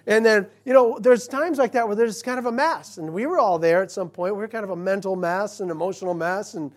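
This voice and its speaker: High-voiced male pastor preaching conversationally. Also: fairly quick. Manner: conversational preaching that swings from loud emphasis to hushed. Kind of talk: sermon. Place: church.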